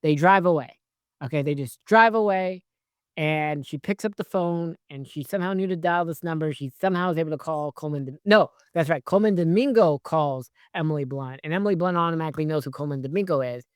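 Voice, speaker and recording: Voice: mid-range voice, a little fast, smooth, no room sound, clean studio sound. A movie reviewer giving a casual spoiler review, rambling and swearing, full of "like" and "whatever" asides. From based in New York.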